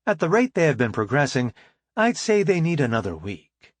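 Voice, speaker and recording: A man's voice: fairly high pitch, very animated, moderate pace, no echo. A man voicing a frank female starship engineer. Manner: crisp, formal military address.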